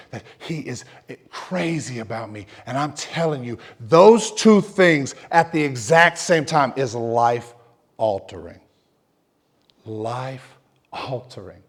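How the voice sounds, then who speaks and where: A man preaching an emotional personal testimony as a pastor, dropping to near whispers and then rising loud and fervent. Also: mid-range voice. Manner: emotional testimony, swings from hushed to loud, repeats himself. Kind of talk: sermon.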